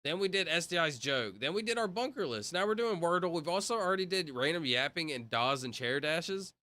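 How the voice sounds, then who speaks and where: Lively rambling young male streamer. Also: fairly high pitch, brisk. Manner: rambling, talks to chat, many fillers. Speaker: livestreamer. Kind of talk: casual livestream chat.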